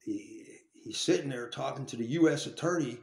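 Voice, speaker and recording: Gravelly guy rambling thru an old jail story, cusses a lot, roomy echo. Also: mid-range voice, moderate pace. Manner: profane and rambling with many restarts. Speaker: former inmate telling his story. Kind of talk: casual storytelling.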